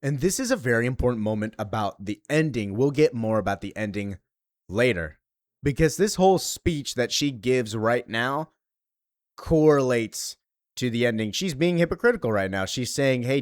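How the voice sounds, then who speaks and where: Male comic reviewer, animated and casual, with a dry recording. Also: mid-range voice, dry recording.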